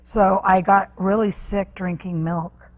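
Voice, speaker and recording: A woman guest on an interview show, telling a personal story earnestly, with halting restarts. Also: mid-range voice, fairly even intonation. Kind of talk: personal testimony in a talk interview.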